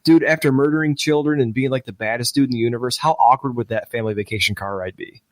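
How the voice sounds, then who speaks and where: A man chatting casually as a podcast guest, quick and joking with casual swearing. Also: medium pitch, low-quality recording.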